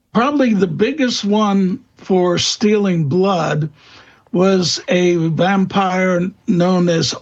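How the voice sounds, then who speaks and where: A man speaking as a guest expert in an interview, answering in a halting way with many fillers and restarts. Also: high voice, lo-fi sound. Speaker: guest expert on vampire lore.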